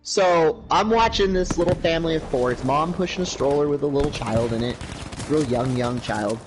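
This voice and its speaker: A man streaming a game, telling a long, profane anecdote in a casual, animated way. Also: on the high side, normal speed, background noise. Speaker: gaming livestreamer. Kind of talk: casual storytelling on a livestream.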